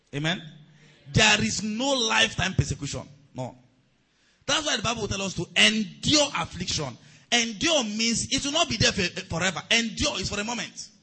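A man preaching a sermon as a pastor, calling on the congregation to respond and rising to shouts. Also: sits high, breathy edge, low-quality recording.

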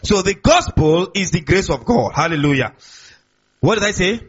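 A pastor with a high, husky voice delivers a sermon, repeating key words and asking his listeners if they follow. The recording is dull and lo-fi. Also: lively intonation, normal speed. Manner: call-and-response preaching, repeats key words.

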